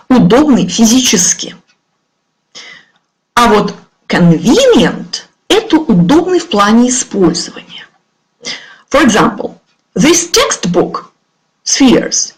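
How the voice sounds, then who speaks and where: A woman's voice: fairly high pitch, rough recording. A woman teacher from Russia with a Russian accent, leading an online English vocabulary lesson and moving between English and Russian as she glosses word pairs. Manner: slow, careful dictation-like delivery of word pairs.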